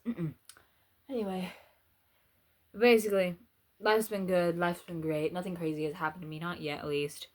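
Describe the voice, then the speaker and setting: A woman's voice: lowish voice, moderate pace, long pauses, bright, forceful tone. A young woman vlogging, rambling and swearing casually as she eats spicy noodles, her mouth still burning. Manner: rambling, swears a lot, restarts often. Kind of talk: casual rant while eating.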